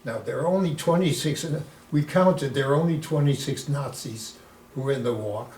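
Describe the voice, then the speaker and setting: A man's voice: on the high side, normal speed. Man in his nineties telling stories. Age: 90s. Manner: lively storyteller who sprinkles in Yiddish words. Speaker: guest, retired rabbi. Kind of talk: anecdotal storytelling in an interview. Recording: echoey room, distant mic, faint noise.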